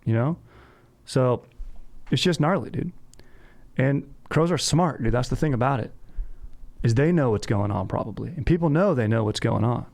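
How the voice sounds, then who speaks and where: A man's voice: mid-range voice, expressive, moderate pace, gravelly, a little mellow. A man hosting a comedy podcast, riffing in laid-back slang and saying "dude" all the time. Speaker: podcast host. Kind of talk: casual comedic podcast chat.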